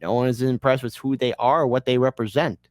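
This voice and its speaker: A man's voice: medium pitch, fairly even intonation, fast, no room sound, clean studio sound. A man hosting an online commentary show, talking casually with a sarcastic, mocking manner. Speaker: political commentary host.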